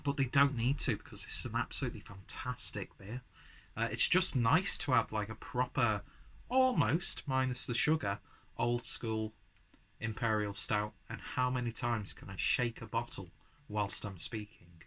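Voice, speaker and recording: A man's voice: mid-range voice, lively intonation, normal speed, bright, forceful tone. Tipsy man rambling about beer. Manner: rambling, self-deprecating, slightly tipsy. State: slightly buzzed from beer. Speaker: beer reviewer. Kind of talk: casual beer review vlog. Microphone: camera mic, framed from chest up.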